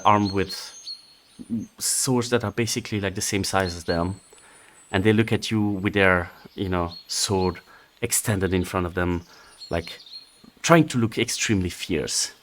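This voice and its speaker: A man narrating a tabletop game as game master, relaxed and halting with fillers. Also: sits low, slight background noise.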